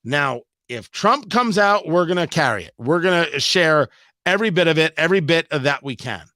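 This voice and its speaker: A man hosting a live radio news show, giving animated commentary full of joking asides. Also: fairly high pitch, moderate pace, no echo. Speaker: radio talk show host.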